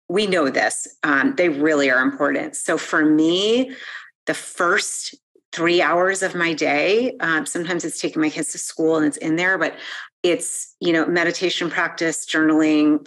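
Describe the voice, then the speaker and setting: A woman in her forties, a guest in an interview, talking in an animated, excitable way. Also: sits low. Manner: animated and excitable, quick to laugh. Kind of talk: conversational interview.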